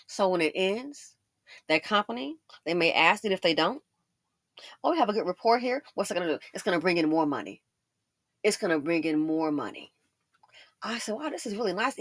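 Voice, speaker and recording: A woman talks straight to her viewers in a casual commentary, recounting her own experiences at length. She swings her pitch up sharply whenever she imitates the people she quotes. The recording is dry and close, with no room sound. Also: no echo. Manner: animated storytelling, acts out quoted voices with big pitch jumps. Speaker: commentary channel host.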